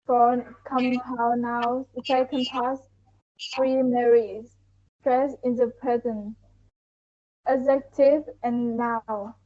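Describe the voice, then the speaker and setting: Woman student, monotone, very slow reading, muffled lo-fi sound. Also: on the high side. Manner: flat, very slow reading of word lists. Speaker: student presenter. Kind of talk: reading a class presentation. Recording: dull lo-fi recording.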